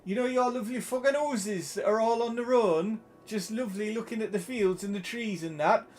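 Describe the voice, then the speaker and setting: A man's voice: sits high, a little fast, a little mellow, a little hiss or hum. A man with a Geordie accent giving live commentary as he plays a city-building game, swearing constantly and sounding exasperated. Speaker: game streamer.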